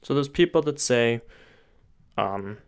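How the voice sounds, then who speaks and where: This man's mid-range voice is clear, resonant and expressive, and he takes his time as he explains singing technique step by step. He often begins sentences again as he thinks aloud, gesturing toward parts of his throat and face.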